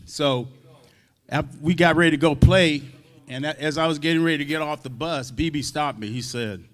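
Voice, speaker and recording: A man's voice: fairly high pitch, moderate pace. A man, a drummer, telling a funny, heartfelt story from the stage at a public event, loose and casual with mild swearing. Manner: loose, humorous, swears casually, acts out quotes. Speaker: drummer and guest speaker.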